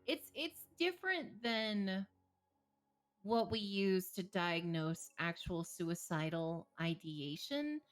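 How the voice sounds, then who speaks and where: A woman's voice: lowish voice, sing-song, slow, faint music behind. A woman therapist, a streaming guest, talking candidly about mental health with frequent laughter and jokes. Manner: candid, joking, laughs often. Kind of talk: livestream conversation.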